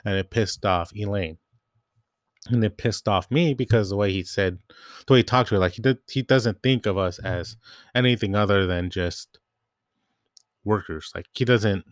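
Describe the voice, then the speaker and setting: A young man tells a long, rambling story from his store job, slipping into his coworkers' voices as he goes. His voice sits a little low, and the sound is dry and close with no room echo. He leans on "like" and loose asides. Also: normal speed, long pauses. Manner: rambling, quotes coworkers, frequent "like". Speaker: grocery store worker. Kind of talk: casual storytelling rant.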